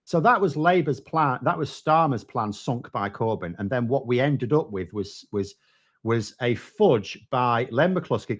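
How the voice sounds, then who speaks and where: A man's voice: medium pitch, breathy edge. A man co-hosting a casual political chat show, blunt and sweary as he rants about party history.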